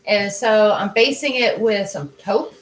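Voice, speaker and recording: A woman's voice: medium pitch, measured pace. A woman in casual chat while painting miniatures, easygoing and chiming in with short agreements. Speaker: co-host of a painting stream. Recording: echoey room.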